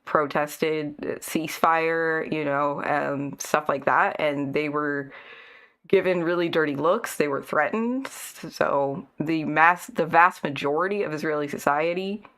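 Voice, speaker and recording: A woman in a casual political chat, speaking in a measured way and thinking aloud with fillers. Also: low voice, fairly bright tone.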